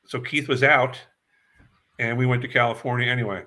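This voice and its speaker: A man's voice: mid-range voice, fairly even intonation, fairly quick, bright, forceful tone. An older man from New York, a guest musician, telling long stories in a rambling way and repeating words as he remembers. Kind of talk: casual storytelling interview.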